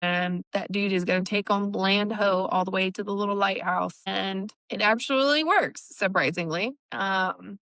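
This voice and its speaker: A woman's voice: medium pitch, a little slow, hardly any pauses, a bit bright, no room sound, low-quality recording. A woman co-hosting a casual book discussion, recapping chapters in a chatty way with laughs and fillers. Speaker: book podcast co-host.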